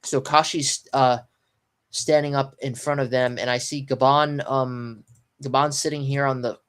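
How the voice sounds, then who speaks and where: Tired guy yawning thru a live comic reaction, lots of ums and stops, mid-pitched voice. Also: fairly bright tone. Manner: halting, stops often with ums and restarts while reading. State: sleepy, yawning. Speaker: live manga reaction streamer. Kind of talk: casual live read-through and reaction.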